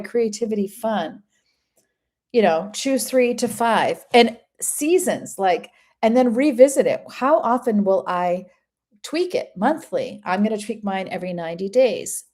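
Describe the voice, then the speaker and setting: A woman from Maine hosting a casual livestream, chatting and reading viewer comments aloud with sympathetic replies. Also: medium pitch. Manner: chatty, reads viewer comments aloud and answers them warmly. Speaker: home and lifestyle channel host.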